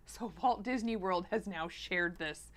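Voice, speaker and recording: A woman vlogger chatting casually while she sews, telling a long story in a rambling, animated way with lots of "like" and "you know". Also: mid-range voice, takes it slowly. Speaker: sewing vlogger.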